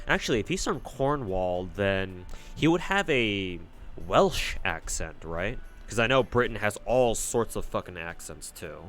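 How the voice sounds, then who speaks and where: A man's voice: lowish voice, very animated, a little slow, fairly bright tone. A male streamer chatting casually between game lines, rambling and swearing freely. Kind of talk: casual commentary while reading a game. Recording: faint background music.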